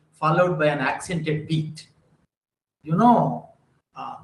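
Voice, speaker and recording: Man, higher voice, conference lecturer, emphatic and rhetorical, echoey hall sound. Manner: emphatic, rhetorical, addresses audience directly. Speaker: conference speaker. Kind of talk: academic lecture.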